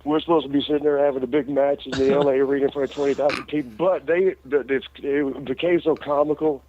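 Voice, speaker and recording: Telling a long, rambling story as an interview guest, a middle-aged ex-wrestler laughs and stacks up fillers and restarts in casual storytelling. His mid-range voice is mellow and steady at a quick pace. It's lo-fi radio show audio with a little hiss or hum.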